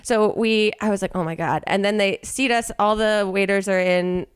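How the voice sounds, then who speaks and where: A woman co-hosting a comedy podcast, telling a story in a casual, animated way, laughing a lot and filling her talk with "like". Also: mid-range voice, moderate pace, clear, resonant tone. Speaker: podcast co-host.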